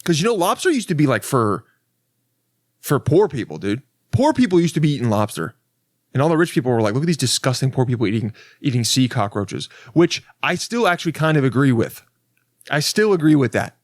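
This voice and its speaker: A man's voice: a little high, very animated, brisk, no echo, studio quality. A young adult man hosting a podcast, telling a story in a casual, rambling, profane and self-mocking way, with many restarts. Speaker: podcast host.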